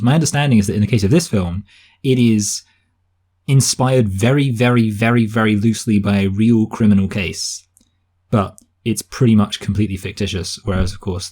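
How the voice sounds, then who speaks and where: Man, film review co-host, lowish mellow voice, halting delivery. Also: breathy edge. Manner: hesitant, halting, dry humor. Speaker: podcast co-host. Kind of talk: casual film review chat.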